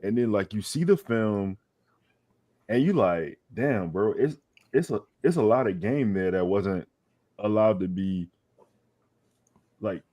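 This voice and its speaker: A man with a fairly low voice who co-hosts a sports podcast. He gets worked up and stumbles over his words, repeating and restarting as he goes. His speech is loose and street-casual, with swearing and "bro" thrown in. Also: lively intonation, takes it slowly, long pauses, dull audio. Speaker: podcast co-host.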